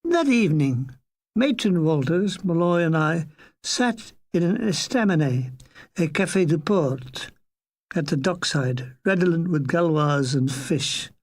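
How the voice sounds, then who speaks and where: An older man reading a comic memoir aloud with dry, deadpan wit. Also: on the high side. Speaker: narrator.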